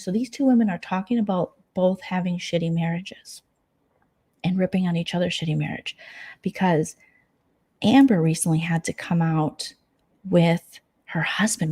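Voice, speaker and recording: A woman vlogger gossips sarcastically about internet drama in a casual late-night chat at home, sometimes dropping to a whisper. Her voice is fairly low and mellow, at normal speed.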